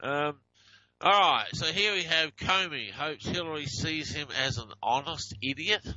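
A male radio host talks in a lively, bright voice that swings up and down as he comments wryly on clips. He has the hiccups and keeps apologizing for them. The sound is dry and dull, like lo-fi broadcast audio. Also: a little high, unhurried, no echo. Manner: chatty and wry, reads out phone numbers, apologizes to listeners.

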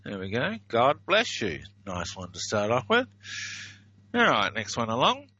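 A man with an Australian accent hosting a video, reading phrases aloud in a drawn-out, wry way. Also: lowish voice, wildly swooping pitch, bright, forceful tone, dull audio, slight background noise. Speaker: video host. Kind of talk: casual commentary over played clips.

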